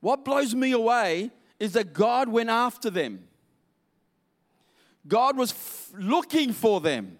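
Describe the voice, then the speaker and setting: A man's voice: very high voice, sing-song, slow. A man preaching a sermon in an emphatic, repetitive way, drawing out key words.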